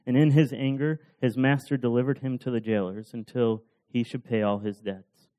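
A man's voice: medium pitch, steady tone, moderate pace, warm tone. A man preaching a sermon, retelling parables in a casual, conversational storytelling manner. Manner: casual storytelling with fillers and restarts.

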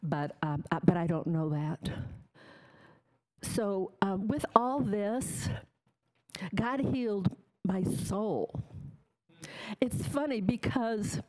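A woman's voice: mid-range voice, animated, takes it slowly, pauses often, dark tone, rough recording. A woman giving a candid, plainspoken personal faith testimony to an audience, emotional at times. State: tearful. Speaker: testimony speaker.

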